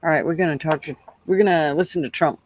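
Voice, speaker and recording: A man's voice: on the high side, quick pace, no room sound. A man hosting a live stream, chatting casually with viewers and making wry, muttered asides. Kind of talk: casual reaction commentary.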